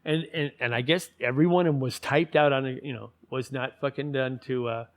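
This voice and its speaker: A man's voice: medium pitch, fairly even intonation, a little fast. A man ranting in casual commentary, heated and profane, rambling with many restarts.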